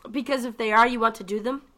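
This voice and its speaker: A woman with a fairly high voice talks through a game demo in loose, conversational chat. She tells it with energy, dropping in quick impressions and the odd swear word. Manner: animated storyteller, mimics voices, swears casually. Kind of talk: casual gaming chat.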